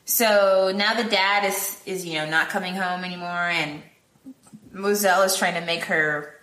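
A woman's voice: lowish voice, steady tone, moderate pace, a bit bright. A woman co-hosting a podcast, recapping a film plot casually in a rambling way, full of fillers and acted-out quotes. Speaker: podcast co-host. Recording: echoey room.

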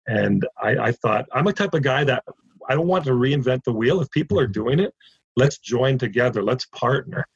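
A man's voice: mid-range voice, lively intonation, normal speed, slightly rough, no echo, highs cut off. A man from Canada, a ministry founder, telling a story as an interview guest and acting out the quoted dialogue.

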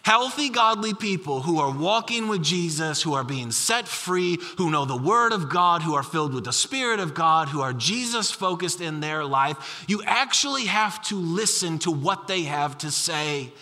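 A man's voice: a little high, expressive, normal speed, hardly any pauses, sharp tone, long reverb tail. A middle-aged male pastor preaching a sermon, telling stories with acted quotes and repeating key lines. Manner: storytelling with acted quotes and repetition.

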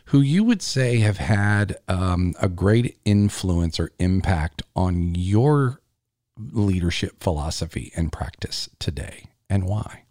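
A man's voice: low voice, expressive, slow, mellow, dry recording, clean studio sound. A man hosting an interview podcast, talking in an easygoing, conversational way. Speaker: podcast host. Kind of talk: casual interview.

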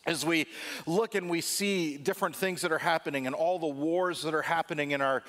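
A male pastor with a slightly high voice tells a funny personal story from the pulpit. He delivers it with lively energy and acts out the dialogue. When he reaches the serious points, he slows down and lowers his voice. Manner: animated comic storytelling.

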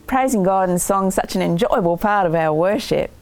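A woman's voice: medium pitch, animated, normal speed. A woman hosting a children's show, introducing the next segment cheerfully. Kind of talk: scripted presenting.

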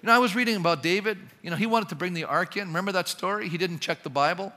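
A male pastor preaching a sermon, often asking the congregation rhetorical questions in an emphatic, lively delivery. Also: high-pitched, very fast, big-room sound.

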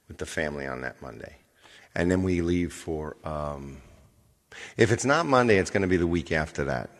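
A man's voice: low voice, long reverb tail. Rambling man chatting with live viewers. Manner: rambling, thanks viewers by name, thinks aloud. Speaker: live-stream singer and host. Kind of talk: casual chat with live viewers.

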